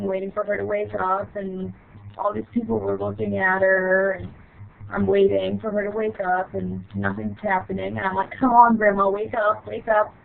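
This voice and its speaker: Woman storyteller, gravelly, halting short phrases; tinny phone-like recording. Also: mid-range voice. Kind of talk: personal childhood story.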